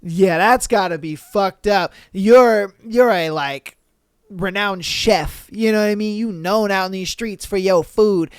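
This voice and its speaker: A man's voice: sits high, measured pace, clear, resonant tone, no room sound, studio quality. Man, podcast host, reads posts, swears a lot, laughs, clean resonant voice. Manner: profane, slangy, laughing reactions. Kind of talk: casual podcast reading listener posts with commentary.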